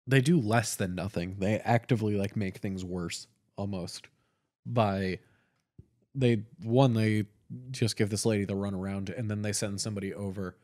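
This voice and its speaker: Male podcast co-host, low pitch, wry and sardonic. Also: darkish tone. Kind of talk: casual film commentary.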